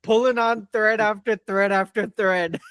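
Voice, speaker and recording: A podcast co-host who drops in short, teasing remarks at an unhurried, slow pace. The voice sits mid-pitch and sounds dry and close to the mic. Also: steady tone, a bit bright, smooth, dry recording. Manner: amused, brief interjections, teasing. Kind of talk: casual podcast chat.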